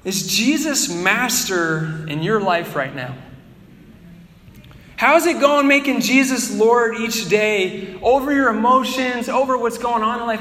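A pastor preaches a relaxed sermon to his congregation, and he talks in a conversational way. His voice is very high for a man. The hall rings with a long reverb. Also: slight background noise.

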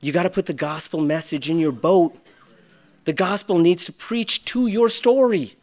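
A middle-aged man preaching a sermon, swinging between loud bursts and hushed lines, with self-deprecating humor. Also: high voice, normal speed. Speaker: pastor.

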